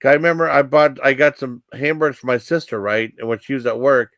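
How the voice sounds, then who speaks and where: A man in his fifties telling rambling personal stories as a vlog host, halting with many fillers and restarts. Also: mid-range voice, steady tone, a bit bright, dry recording.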